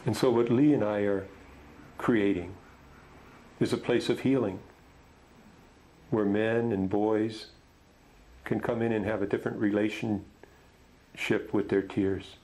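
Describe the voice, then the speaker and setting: A middle-aged man leading a men's group tells a story gently, with halting restarts. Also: lowish voice, fairly even intonation, rough recording. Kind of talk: storytelling talk.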